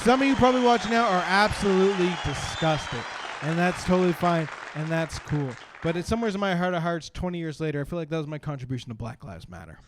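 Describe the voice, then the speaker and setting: A man, doing an animated stand-up set and laughing through his stories at a brewery. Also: on the high side, a little fast, crowd noise, background noise. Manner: animated storytelling with bursts of laughter. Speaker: stand-up comedian. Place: brewery stage.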